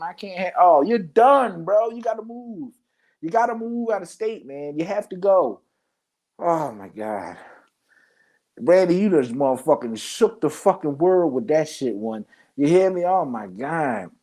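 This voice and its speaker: A man hosting a show, ranting for comedy in a loud, exclaiming, profane way, repeating lines for emphasis and jumping from low mutters to high outbursts. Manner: loud exclaiming, big pitch swings, profane. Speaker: host. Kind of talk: comedic rant.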